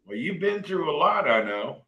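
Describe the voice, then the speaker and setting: A man's voice: fairly high pitch, very animated, normal speed, sharp tone, dull audio. A man hosting a casual livestream, joking in a folksy way and reading viewer comments aloud. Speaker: livestream host. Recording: echoey room.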